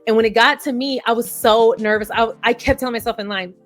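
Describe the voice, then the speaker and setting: A woman's voice: fairly high pitch, fairly even intonation, fast talker, a bit bright, faint music behind. A woman vlogger giving casual commentary to her viewers, chatty and candid, poking fun at herself. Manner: chatty, candid, self-deprecating storyteller.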